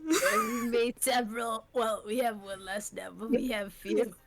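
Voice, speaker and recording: A woman's voice: on the high side, measured pace, over a noisy crowd. A woman playing her character in a tabletop game, speaking playfully and giggling. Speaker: player. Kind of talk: in-character tabletop role-play.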